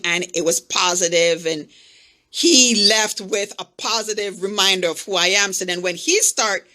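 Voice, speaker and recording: Bright-voiced woman telling a story. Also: medium pitch. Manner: animated, acts out the voices in her stories; speaks directly to her listeners. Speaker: podcast host. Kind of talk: personal storytelling, coaching talk.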